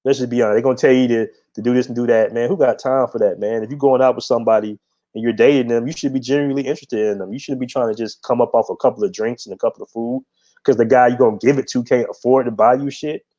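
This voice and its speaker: Talking fast in a mellow, medium-pitched voice with fairly even intonation, a middle-aged channel host relates a story. His laid-back monologue is blunt and full of profanity, captured in dull lo-fi sound.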